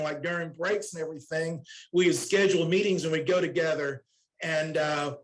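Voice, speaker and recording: A man's voice: a little high, a bit bright, poor audio. A middle-aged man speaking at a conference, telling casual, earnest stories about his work in recovery and often repeating lines of dialogue. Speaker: recovery counselor speaking at a summit. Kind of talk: conference talk, personal storytelling.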